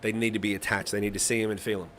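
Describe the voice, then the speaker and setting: This man talks very fast in a lowish voice, with slight background noise present. He's the host of a live songwriting stream, casually chatting, swearing heavily and animatedly acting out the voices in his stories.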